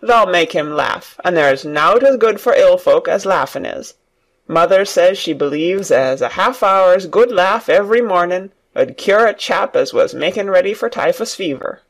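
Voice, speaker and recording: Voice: medium pitch, expressive, moderate pace. A reader doing a cheerful country farm boy. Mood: amused. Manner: broad country dialect, eager. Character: cheerful Yorkshire farm boy, nature-loving. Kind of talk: audiobook reading for learners.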